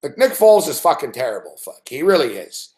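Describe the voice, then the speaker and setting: A man's voice: fairly high pitch, very animated, a little fast, darkish tone. A man giving a live sports betting rant, profane and exasperated.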